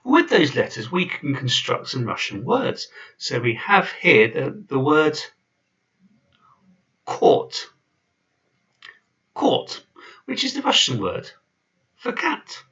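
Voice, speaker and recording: A man's voice: mid-range voice, wildly swooping pitch, unhurried, pushed and bright, distant mic, lo-fi sound. A man giving an informal video lesson, chatty and full of fillers and restarts. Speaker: language teacher.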